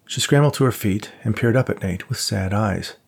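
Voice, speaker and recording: Husky and slightly rough at the edges, this man's low, gravelly voice carries a novel read aloud as scripted narration. The audiobook narrator holds a steady, measured pace and alters his voice a little for each character.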